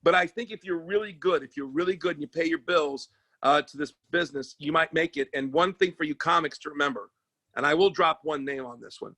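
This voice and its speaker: A man who works as a sports agent and comedian, telling stories in casual chat, animated and profane, with many restarts. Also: fairly high pitch, brisk, no echo.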